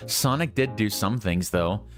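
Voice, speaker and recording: A man reading fan fiction aloud in a deadpan, amused way. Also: lowish voice, a little slow, faint music behind. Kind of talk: comic public reading.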